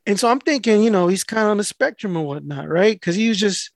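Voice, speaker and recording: A man's voice: sits high, expressive, fast, gravelly, dry recording, clean studio sound. A man who works as a mail carrier, telling a rambling story in casual chat and swearing freely.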